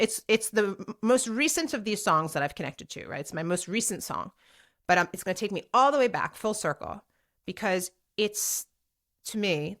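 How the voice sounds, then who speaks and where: A woman in her forties hosting a casual solo podcast, talking in an animated, chatty way with lots of fillers and restarts. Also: fairly low pitch. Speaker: podcast host and DJ. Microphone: speaking to a camera for a video podcast.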